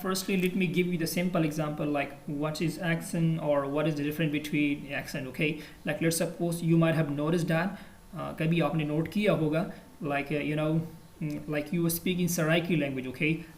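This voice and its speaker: A man's voice: a little high, fairly even intonation, brisk, roomy sound, poor audio. A man from Pakistan with a Pakistani accent, teaching English in a casual online lesson, full of fillers and switching into Urdu. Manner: explains with many fillers, mixes in Urdu. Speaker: English tutor.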